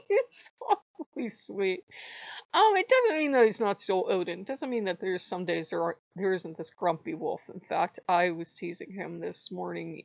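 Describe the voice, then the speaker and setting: A woman chatting casually to her viewers, laughing often and slipping into bright, playful quoted voices. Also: on the low side, vocal fry, no room sound, muffled recording. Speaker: video blogger. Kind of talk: casual chat.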